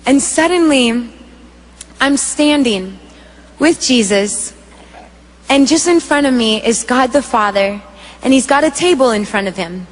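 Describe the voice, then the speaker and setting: A woman giving an emotional spoken testimony, telling her story in a vivid, animated way. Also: fairly high pitch, unhurried, long pauses. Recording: echoey hall reverb.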